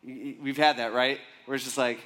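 A man's voice: medium pitch, little pitch movement, fairly quick, pushed and bright. A man preaching a sermon as pastor, telling a personal story in a casual, conversational way with frequent asides to the congregation.

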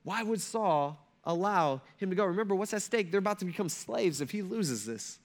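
A male pastor preaching a sermon in an animated, conversational storytelling way, full of casual fillers. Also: sits high, moderate pace.

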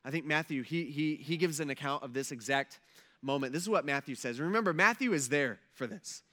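A man preaching in a relaxed, conversational way, his voice bright and a little high. He leans hard on key words, drops almost to a murmur, then swells again. He slips into voices when he quotes people. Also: brisk. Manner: conversational, emphatic, swings loud and soft, acts out quotes. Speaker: pastor. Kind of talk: casual sermon.

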